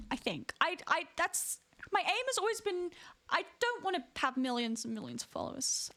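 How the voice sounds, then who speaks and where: Woman streamer, high voice with a wide, bouncy pitch range, casual rambling chat with frequent giggles. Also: big pitch swings, moderate pace, bright, forceful tone. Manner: chatty, giggly, rambling with restarts. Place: alone in her room.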